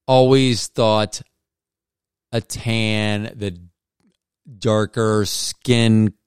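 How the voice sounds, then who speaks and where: A man's voice: on the low side, clean tone, no room sound, studio quality. A man hosting a podcast, telling a casual comedic story in a rambling way, often breaking off and restarting his sentences. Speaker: podcast host.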